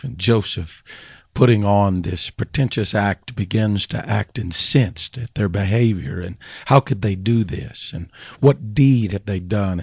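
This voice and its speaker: A man's voice: on the low side, no echo, studio quality. A man preaching a fervent sermon, retelling a story and building to impassioned calls to his listeners.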